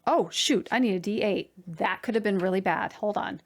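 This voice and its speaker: A woman hosting a knitting podcast from home, talking to camera in a chatty, excitable way and addressing her viewers directly. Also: medium pitch, moderate pace. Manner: chatty and excitable, full of "like" and "you guys". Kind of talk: casual chat to camera.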